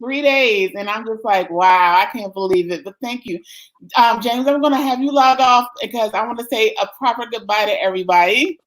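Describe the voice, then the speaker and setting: A woman's voice: a little high, fairly quick, low-quality recording. A woman hosting a livestream summit, giving closing remarks in an effusive, grateful way and laughing often. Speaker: summit host.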